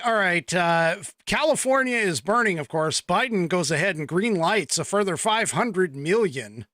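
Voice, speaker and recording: A man's voice: fairly high pitch, pushed and bright, no room sound. A man hosting a political podcast, rambling through news in casual live-stream talk, reading the chat aloud and chuckling often.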